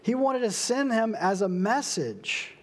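A young adult man preaching a sermon, slow and emphatic, with dramatic pauses. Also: high-pitched, sing-song. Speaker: pastor.

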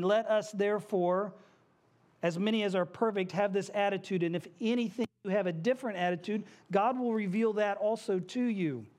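Guy with a pretty high voice preaching in church, chatty asides, little jokes. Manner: conversational preaching with asides and self-deprecating jokes. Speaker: pastor. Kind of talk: sermon. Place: church sanctuary.

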